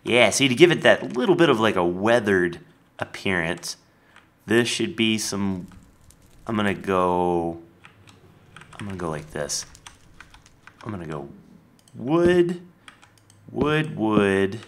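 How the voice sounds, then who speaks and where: A man casually commenting on his building as he plays a game, chatty and lively. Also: sits low, measured pace, pauses often. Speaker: Minecraft let's player.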